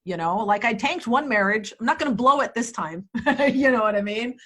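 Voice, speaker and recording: Woman in her 40s, bright high voice, husky, animated and profane, casual interview. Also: moderate pace. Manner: animated, profane, laughing storyteller. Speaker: real estate agent and coach. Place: her office.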